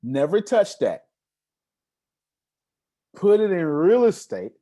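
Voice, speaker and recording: A man speaks at a live seminar with a lively, swinging pitch. He hammers points home by repeating words and keeps asking his small audience whether they follow. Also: slow. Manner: emphatic, preacher-like repetition and questions to the audience. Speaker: motivational speaker.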